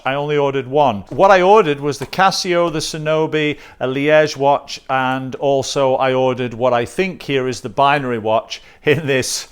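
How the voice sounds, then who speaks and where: A man's voice: mid-range voice, smooth. A man hosting his own watch channel, chatting enthusiastically through a casual unboxing.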